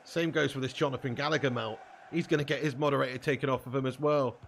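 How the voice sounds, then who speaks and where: A man's voice: mid-range voice, steady tone, quick pace, gravelly, a little hiss or hum. A man live-streaming a football game, bantering casually with his chat, reading out comments and swearing freely.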